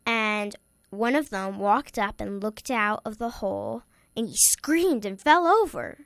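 A woman hosting a story show, telling a playful tale with lively delivery and sudden whispered asides. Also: mid-range voice, unhurried, dry recording, clean studio sound. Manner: lively, acts out voices, drops to whispers. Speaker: storyteller host.

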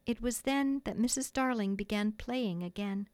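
A woman narrating a classic storybook in a gentle, measured reading. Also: fairly high pitch, no echo. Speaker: audiobook reader.

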